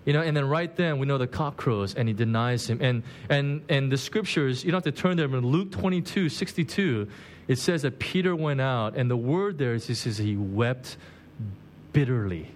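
A man's voice: medium pitch, normal speed. A man preaching a sermon in a conversational way, acting out the quoted lines with big swings in his voice. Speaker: pastor.

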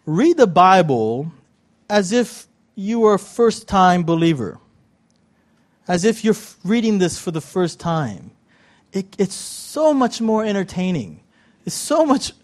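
Animated high-voiced male preacher. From California. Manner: animated, conversational, playful asides. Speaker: pastor. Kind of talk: sermon.

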